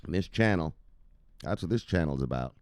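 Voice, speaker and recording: Fired-up profane man with a lively pitch. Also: fairly quick. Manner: profane, theatrical, swings from loud shouts to muttered asides. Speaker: crypto news channel host. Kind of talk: fired-up rant to viewers.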